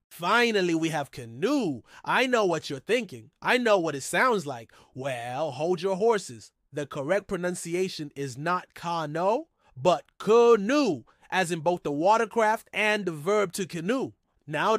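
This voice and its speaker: A man's voice: on the high side, a bit bright, dry recording. Upbeat male presenter for a scripted pronunciation lesson, dry studio read. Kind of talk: scripted educational narration.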